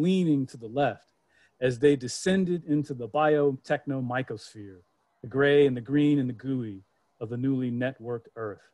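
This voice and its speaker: A man's voice: medium pitch, a little slow, darkish tone, no echo. A man reading his speculative poetry aloud with dramatic, rhythmic delivery. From Georgia, US. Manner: dramatic, rhythmic recitation with character voices. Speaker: poet.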